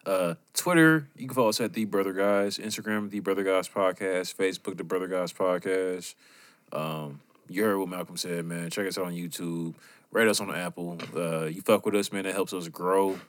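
A man's voice: deep voice, fairly even intonation, normal speed. A young man co-hosting a podcast in loose, rambling casual chat, full of "like" and slang. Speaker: podcast co-host.

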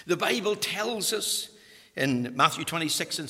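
A man preaching a fervent sermon, swinging between loud declarations and hushed whispers. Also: fairly high pitch, expressive, a little slow, slightly rough, big-room sound.

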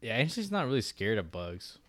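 A young man co-hosting a casual podcast, talking in a relaxed, hesitant way with many pauses and fillers. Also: mid-range voice, dry recording. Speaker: podcast co-host. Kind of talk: casual chat.

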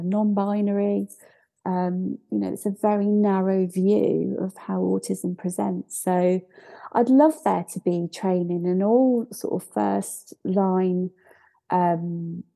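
A woman's voice: medium pitch, creaky, dark tone. A woman in her forties, raised in Scotland, speaking earnestly as a podcast guest, hesitant with frequent restarts. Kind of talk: reflective interview talk.

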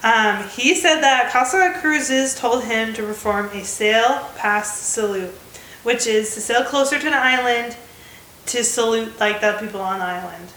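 A woman's voice: fairly high pitch, unhurried, a bit bright, reverberant, slight background noise, low-quality recording. A woman in her twenties with an American accent, co-hosting a casual podcast chat, talking loosely with lots of filler words. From United States. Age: 20s. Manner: chatty, many fillers. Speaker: podcast co-host.

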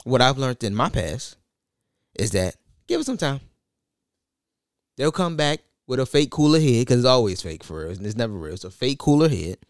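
A man's voice: mid-range voice, dry recording. Blunt cussing guy in casual chat, voice jumps all over, dry close sound. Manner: blunt, profane, animated, laughs at his own jokes.

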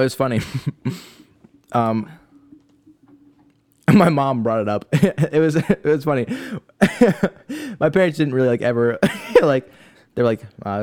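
A man's voice: medium pitch, darkish tone. Laughing young man telling a story. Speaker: podcast co-host. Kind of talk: casual chat.

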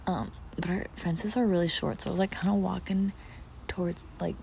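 Young woman host, low and gravelly, mellow; rambling casual podcast chat with a faint outdoor hum behind. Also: fairly even intonation, moderate pace. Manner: rambling, casual, swears freely, filler-heavy. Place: outdoors in a backyard. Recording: faint outdoor background noise. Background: outdoor ambience.

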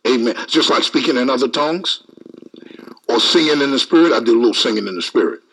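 A man's voice: mid-range voice, fast talker, rough recording. A man preaching a sermon, reading scripture aloud and calling out to the congregation. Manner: lively preaching with call-outs and scripture reading.

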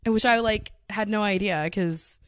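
A woman's voice: medium pitch, no echo, clean studio sound. A young woman co-hosting a podcast, chatting casually and peppering her talk with "like.". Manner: chatty, fillers of "like", quick laughs. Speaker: podcast co-host. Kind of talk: casual chat.

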